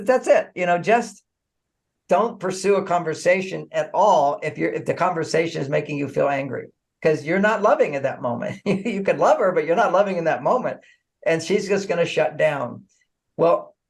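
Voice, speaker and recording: A man with a somewhat high voice and a gravelly, creaky edge talks as a guest in a podcast interview. He explains in an animated, conversational way, breaking into small chuckles. He often stumbles and repeats words before finishing his thought. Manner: animated, acts out dialogue, frequent chuckles. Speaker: author guest.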